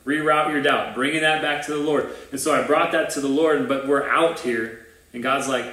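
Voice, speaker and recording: A man's voice: mid-range voice, fairly even intonation, moderate pace, bright, forceful tone. A man preaching a sermon as pastor of a new church, earnest and informal, with restarts and asides. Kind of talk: conversational livestream sermon. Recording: roomy echo.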